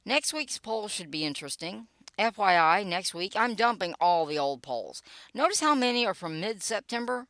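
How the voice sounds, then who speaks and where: A woman's voice: mid-range voice, lively intonation, normal speed, a bit bright, no room sound. An older woman reading her own political blog post aloud, wry and sarcastic, with dry asides. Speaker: political blogger and podcaster.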